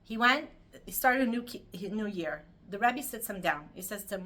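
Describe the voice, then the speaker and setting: A woman's voice: fairly high pitch, moderate pace. A middle-aged woman giving a weekly Torah talk, telling stories with feeling and many fillers. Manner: animated, emotional storytelling with many fillers. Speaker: Torah teacher.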